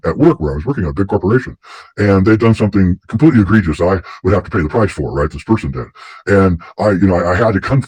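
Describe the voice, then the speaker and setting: A man's voice: low-pitched, mellow, husky, no echo, poor audio. A man hosting a casual talk show, telling stories in a rambling way with many restarts. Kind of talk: casual conversation.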